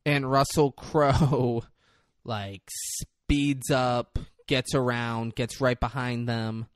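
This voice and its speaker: A young man co-hosting a casual podcast, talking in an animated, excitable way and swearing freely. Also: mid-range voice, extremely slow, no echo, clean studio sound. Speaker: podcast co-host. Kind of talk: casual chat.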